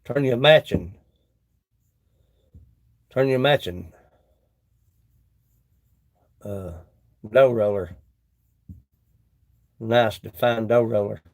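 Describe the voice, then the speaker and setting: A man's voice: fairly low pitch, slow, long pauses. A man talking casually on a live stream from his woodshop, rambling and chatting with viewers between tasks. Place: woodworking shop.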